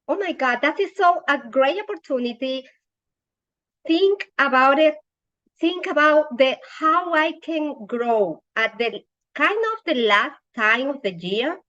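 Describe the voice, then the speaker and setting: A woman speaks on a team call with eager enthusiasm, pausing often and filling gaps with "uh." She talks very slowly in a slightly high voice. The sound is dull and lo-fi. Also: a bit bright. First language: Spanish. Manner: eager, halting, many fillers. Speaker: sales agent on a team call. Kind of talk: enthusiastic testimony.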